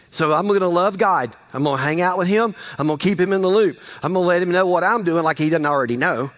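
A man's voice: on the high side, a bit bright. A man preaching a sermon in a folksy, conversational way, repeating phrases for emphasis. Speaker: pastor.

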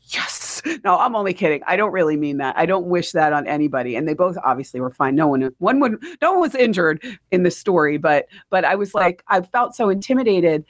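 A woman's voice: on the low side, lively intonation, fairly quick, hardly any pauses. A middle-aged woman with a New Jersey accent, hosting a podcast in casual, rambling chat and laughing often. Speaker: podcast host.

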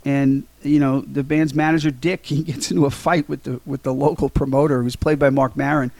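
A man's voice: mid-range voice, level tone, fairly quick, gravelly, a little mellow, no echo. A man co-hosting a podcast, casually recapping a film scene by scene, with lots of ums and restarts. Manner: rambling, many ums and restarts. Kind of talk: casual chat.

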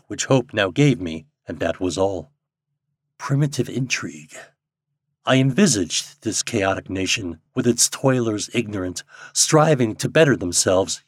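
Husky, low-voiced male storyteller. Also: dry recording, clean studio sound. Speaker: audiobook reader. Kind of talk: scripted narration.

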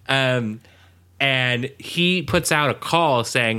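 A man's voice: medium pitch, steady tone, slow, sharp tone, clear, resonant tone. A man co-hosting a podcast, recapping a show in casual chat and rambling with many fillers. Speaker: podcast co-host.

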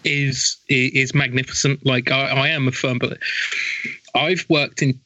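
A man in casual chat, blunt and sweary, talking in an animated way. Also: medium pitch, measured pace, no echo, highs cut off.

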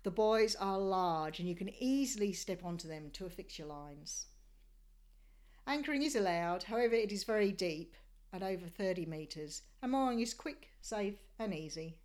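An Australian woman narrates a sailing voyage from a script, telling the travel story in a measured, descriptive manner. Her mid-range voice is animated and a little mellow.

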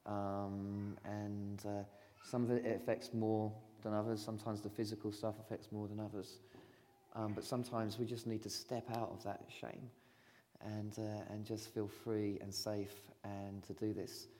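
A man preaching in a church, talking casually with laughter and then gently inviting people to respond. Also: lowish voice, little pitch movement, normal speed, a little hiss or hum. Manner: chatty, laughing storyteller turning gentle and pastoral. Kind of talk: sermon. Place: church hall. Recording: long church reverb.

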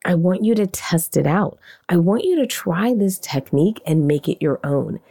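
Animated low-voiced woman podcast host. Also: moderate pace, vocal fry. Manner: animated, conversational, leans on repeated questions. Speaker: podcast host and marketing coach. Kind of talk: casual teaching monologue.

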